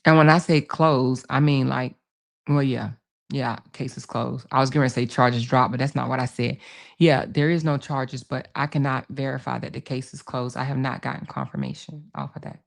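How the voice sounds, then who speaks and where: Woman, livestream host, gravelly, repeats herself for emphasis, casual commentary. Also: a bass voice, fairly even intonation, moderate pace. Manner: emphatic, repeats phrases, calls viewers baby and honey.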